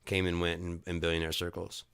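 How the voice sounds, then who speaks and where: A man with a low-pitched, forceful and crisp voice talks on his livestream. He rants with heat and curses freely, often doubling back and restarting his sentences. The sound is dry and close. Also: completely flat delivery, fairly quick, dry recording. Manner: profane, heated ranting; rambling with restarts. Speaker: livestream host. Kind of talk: casual chat.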